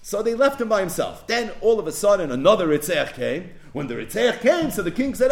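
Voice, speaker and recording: A man teaching as a rabbi in a Torah lecture, animated, asking rhetorical questions and answering them, reciting verses slowly. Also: high voice, creaky. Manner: quotes verses in a slow recitation. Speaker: rabbi teaching a text class.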